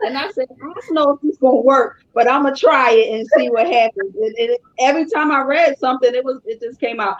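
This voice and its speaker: A woman actress guest in a casual talk, speaking warmly and earnestly. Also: high-pitched, quick pace, few pauses. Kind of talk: casual chat. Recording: dull lo-fi sound.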